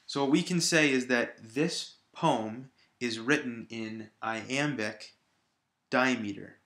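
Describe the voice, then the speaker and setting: A man's voice: medium pitch, takes it slowly, fairly bright tone, roomy sound. A male teacher patiently explaining a lesson, repeating examples aloud to stress each syllable. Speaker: high school English teacher. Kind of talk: recorded video lesson.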